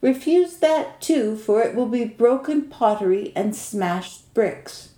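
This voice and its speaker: A magical snake maiden, as a woman puts her on, speaks high and urgent, begging for help. Her voice is soft and mellow, and the room gives a roomy echo. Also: expressive, slow. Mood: earnest. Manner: imploring, urgent.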